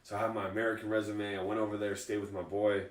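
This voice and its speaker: A man telling stories as a guest in a casual interview, relaxed and chuckling as he goes. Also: fairly low pitch, fast. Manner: laid-back, chuckling storyteller. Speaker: guest, fighter. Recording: echoey room, distant mic.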